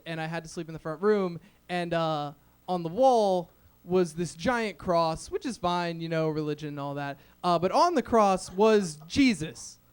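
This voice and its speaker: A man's voice: high voice, clean tone. A young man doing a rambling, self-deprecating stand-up set at an open mic, full of fillers. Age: young adult. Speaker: stand-up comedian. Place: small open-mic venue stage.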